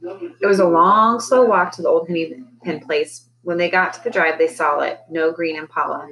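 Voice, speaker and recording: A woman teacher reads a children's novel aloud to her class in a lowish voice, lifting it higher for the characters' lines. A faint hiss sits under the recording. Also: fairly even intonation, moderate pace, sharp tone, low-quality recording. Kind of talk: storybook read-aloud.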